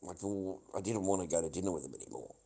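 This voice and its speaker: A man's voice: low-pitched, quick pace, dark tone, low-quality recording. Profane, bitter man ranting. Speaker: livestreamer. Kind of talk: rambling livestream monologue.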